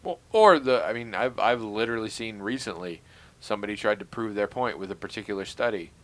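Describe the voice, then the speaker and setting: A man co-hosting a podcast, chatting casually and telling animated stories with the odd curse. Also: lowish voice, a little fast. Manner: profane, animated storytelling. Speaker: podcast co-host. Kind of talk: casual chat.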